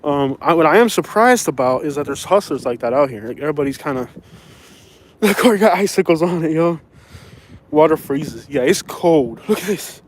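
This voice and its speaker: In a casual walking vlog shot on his phone, a Florida man with a Southern accent rambles and repeats himself in slangy street talk. His slightly higher voice has lively intonation and a moderate pace, and a faint traffic hum carries across the snowy, windy street.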